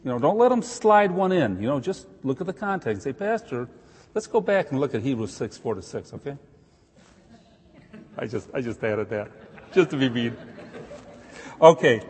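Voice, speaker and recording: A man teaching scripture in a loose, chatty way, breaking into jokey asides and hitting key words with rising emphasis. His voice sits a little high and sounds slightly husky. A long reverb trails behind him, as in a large hall. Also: a little mellow. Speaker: Bible teacher. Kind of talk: informal Bible teaching.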